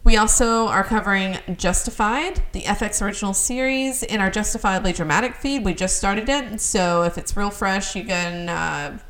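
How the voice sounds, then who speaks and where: Podcast co-host, woman, relaxed chatty recap delivery. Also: mid-range voice, normal speed, few pauses. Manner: chatty, relaxed, sign-off with show plugs. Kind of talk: casual chat recapping a TV show.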